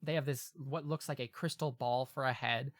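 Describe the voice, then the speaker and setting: A man's voice: mid-range voice, steady tone, moderate pace, a bit bright, no room sound, studio quality. Rambling man running a tabletop game. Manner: casual and meandering, with many fillers and self-corrections. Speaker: game master.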